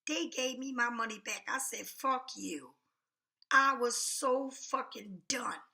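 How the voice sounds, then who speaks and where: A woman's voice: on the high side, unhurried, vocal fry, pushed and bright. A woman vlogger telling an angry, profanity-filled story in a blunt, ranting way. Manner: angry, blunt, heavy swearing.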